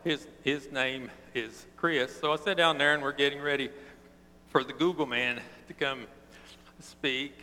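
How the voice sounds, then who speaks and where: Bright-voiced preacher. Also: male voice, mid-range voice, steady tone. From East Tennessee. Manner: earnest, plainspoken, slows for emphasis. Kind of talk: sermon with personal storytelling. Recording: long reverb of a large hall.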